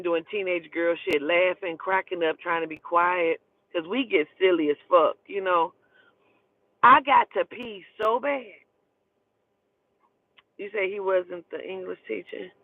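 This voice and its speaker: A man from Oklahoma telling animated, profane stories in a casual way, often calling the listener "child". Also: high-pitched, no echo. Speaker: storyteller. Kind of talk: casual storytelling. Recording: dry tinny phone-like sound.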